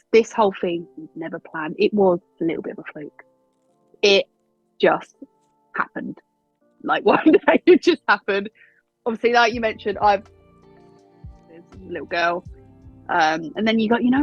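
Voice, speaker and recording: A woman's voice: mid-range voice, expressive, normal speed, long pauses, slightly rough, no echo, muffled recording, faint music behind. A woman in her twenties with an Essex accent, answering interview questions in a chatty, candid way and laughing easily. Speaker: wrestling announcer and interviewer.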